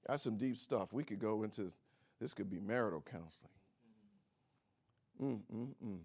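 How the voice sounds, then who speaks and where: A man's voice: fairly low pitch, animated, moderate pace, long pauses, husky. A man preaching a sermon, asking rhetorical questions, calling for amens and chuckling between points. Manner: swings from soft to shouting, rhetorical questions.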